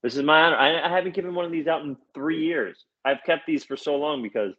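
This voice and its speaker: A man guest chatting casually, animated and enthusiastic, laughing often. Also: on the high side, fast, narrow, tinny audio. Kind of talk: casual chat.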